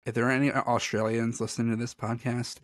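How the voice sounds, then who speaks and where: A man's voice: mid-range voice, flat delivery, fast, no room sound. A man co-hosting a podcast in casual chat, rambling and self-deprecating, often breaking into laughter. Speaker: podcast co-host.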